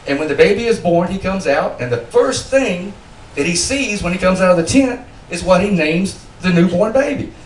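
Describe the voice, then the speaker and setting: A man's voice: high voice, lively intonation, moderate pace, reverberant, far from the mic, a little hiss or hum, rough recording. A man voicing an old male tribal chief who explains things patiently, in a joke told to a small group.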